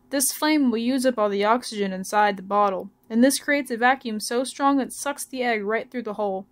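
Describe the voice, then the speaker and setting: A woman's voice: fairly high pitch, natural voice. A woman reading aloud as an old uncle who explains things in a matter-of-fact, lecturing way. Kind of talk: read-aloud story.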